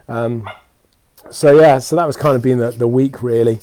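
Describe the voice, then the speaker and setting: A man's voice: mid-range voice, steady tone, quick pace, warm tone. A young British man hosting his weekly live talk show, chatting off the cuff in a rambling way with lots of ums and restarts. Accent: British English. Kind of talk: unscripted casual monologue. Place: at home with dogs.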